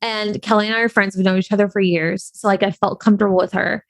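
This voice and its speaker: A woman's voice: medium pitch, little pitch movement, fast, vocal fry, no room sound. A woman telling a personal story in a casual, candid way, full of "like" and "you know.". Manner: chatty and candid, heavy on fillers like "like". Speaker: online creator.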